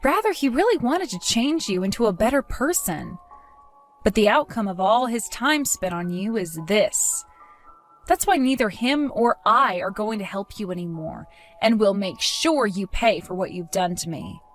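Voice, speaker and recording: A woman in a dramatized story, speaking as a wronged fiancée, calm, cold and accusing, over faint music. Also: mid-range voice, normal speed. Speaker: wronged fiancée telling her side.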